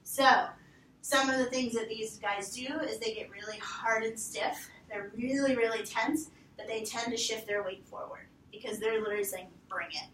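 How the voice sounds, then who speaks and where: A woman teaching volunteers about dog behavior, animated and lively, acting out what dogs think. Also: fairly high pitch, moderate pace, a little hiss or hum. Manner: animated, acts out dogs' thoughts in quotes. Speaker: veterinary behavior instructor. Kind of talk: training talk to volunteers. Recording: roomy, from far off, faint ambience.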